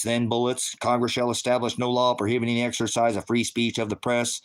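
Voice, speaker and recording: A man's voice: medium pitch, level tone, moderate pace, clean tone. A middle-aged man ranting on a livestream, heated, profane and confrontational, lecturing his viewers and the chat directly. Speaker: livestream host. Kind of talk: livestream rant.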